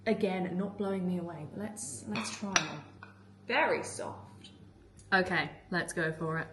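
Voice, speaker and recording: A woman's voice: fairly low pitch, measured pace, a bit bright, echoey room, a little hiss or hum. A woman vlogging casually while she cooks at home, chatty and full of "like", laughing often. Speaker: food vlogger. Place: home kitchen.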